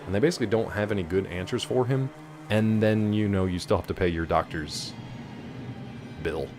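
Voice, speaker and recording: A man's voice: on the low side, moderate pace, noisy background. A man streaming a game, chatting casually and wryly with viewers. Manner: chatty, wry, rambling. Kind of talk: casual live-stream chat.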